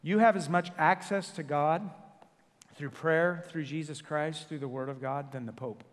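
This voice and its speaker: Joking pastor with a high-ish voice. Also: male voice, moderate pace, big-room sound. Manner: jokey, animated storytelling with self-corrections. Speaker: senior pastor. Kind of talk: sermon. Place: church sanctuary.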